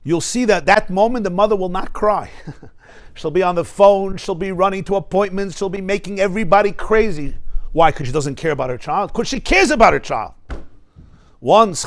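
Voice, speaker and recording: A man teaching a Torah class, emphatic and lively, weaving Hebrew quotations into his talk. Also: high-pitched. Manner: emphatic, mixes Hebrew and Yiddish terms into English, acts out voices.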